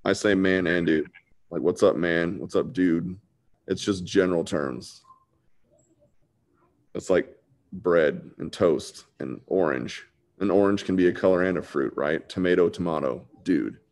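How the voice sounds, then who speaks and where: A man's voice: sits low, measured pace, long pauses, darkish tone. A man teaching a casual live online drawing lesson, laid-back and chatty, talking like a buddy. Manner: laid-back and chatty, says dude a lot. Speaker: drawing instructor.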